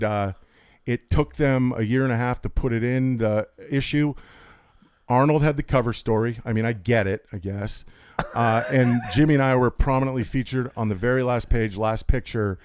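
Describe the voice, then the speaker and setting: A man's voice: moderate pace, clear, resonant tone, no room sound, studio quality. A man, the guest on a podcast, telling rambling stories with lots of energy and jokes. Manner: high-energy, talkative, jokey, does voices for quotes. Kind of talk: rambling storytelling chat.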